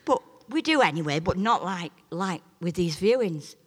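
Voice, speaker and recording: A woman's voice: on the low side, lively intonation, moderate pace, slightly rough. Emphatic woman preaching. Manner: emphatic, swings between loud preaching peaks and soft asides. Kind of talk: sermon with personal testimony. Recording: long reverb of a large hall.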